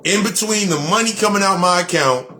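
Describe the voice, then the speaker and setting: Blunt, preachy man speaking fairly high. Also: fairly quick, sharp tone. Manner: preachy, repetitive, blunt with profanity. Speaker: spiritual speaker. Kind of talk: motivational monologue.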